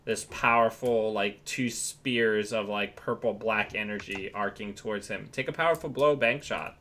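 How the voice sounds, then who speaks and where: A man's voice: fairly low pitch, normal speed, sharp tone, slight background noise. A man narrating a tabletop game as game master, describing scenes loosely with many fillers.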